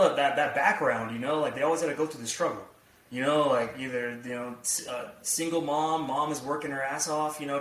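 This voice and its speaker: A man's voice: medium pitch, a bit bright, slight background noise. A man co-hosting a podcast in casual chat, rambling with many fillers. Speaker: podcast co-host and youth coach. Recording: echoey room, distant from the mic.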